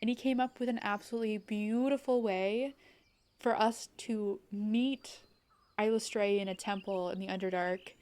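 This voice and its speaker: A young adult woman chatting casually on a game live stream, bubbly and rambling, full of "like" and quick laughs. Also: medium pitch, fairly even intonation, darkish tone, clean tone.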